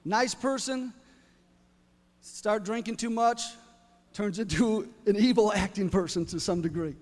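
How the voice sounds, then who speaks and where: A male preacher telling a story in a sermon, building to loud exclamations. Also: sits high, measured pace, long reverb tail.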